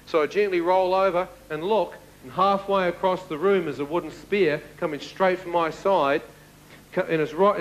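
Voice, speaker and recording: A man's voice: on the high side, a little hiss or hum, rough recording. Man telling a tense story. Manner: vivid, fast-moving retelling with sudden shouts and chuckles. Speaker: speaker giving a testimony. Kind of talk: dramatic storytelling to an audience.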